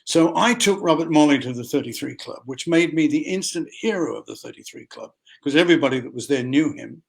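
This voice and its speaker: An older man with an Australian accent, an actor telling stories in an interview, animated and full of ums. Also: fairly high pitch, a little fast, vocal fry. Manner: animated raconteur, acts out quotes, many fillers. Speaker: actor guest. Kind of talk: anecdotal interview storytelling.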